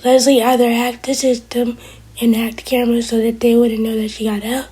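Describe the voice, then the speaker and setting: A woman's voice: a little high, little pitch movement, fairly quick, mellow, slightly rough, rough recording. A woman casually recapping a TV episode as a reviewer, retelling scenes in a chatty way and loosely quoting the characters.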